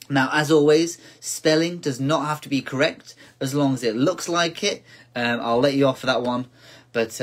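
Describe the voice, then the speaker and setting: Husky-voiced man hosting a casual quiz. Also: mid-range voice. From United Kingdom. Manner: chatty, repeats each question several times, laughs at himself. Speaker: quiz host.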